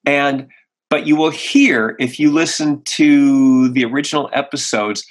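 A man, a voice actor, chatting in an interview and telling animated stories, slipping into voices as he goes. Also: a little high, moderate pace, breathy edge. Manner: animated storyteller, slips into voices and impressions. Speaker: voice actor guest. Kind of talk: casual interview chat.

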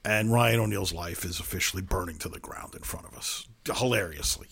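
A man's voice: sits low, brisk, creaky, a bit bright, slightly rough. Chatty man co-hosting a movie podcast. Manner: chatty, trails off with fillers. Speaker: podcast co-host. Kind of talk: casual film discussion.

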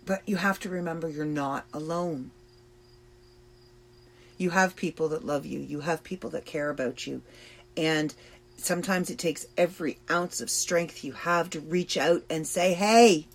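A woman hosting a podcast, talking slowly and thoughtfully about personal struggles with pauses and fillers. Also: low-pitched, steady tone. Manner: slow, reflective and emotional, with pauses and fillers. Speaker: podcast host. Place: trailer in a backyard.

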